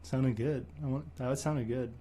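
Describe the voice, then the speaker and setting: A man hosting a live stream, chatting in a deadpan, monotone way. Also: medium pitch, measured pace. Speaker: streamer host. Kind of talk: casual chat on a stream.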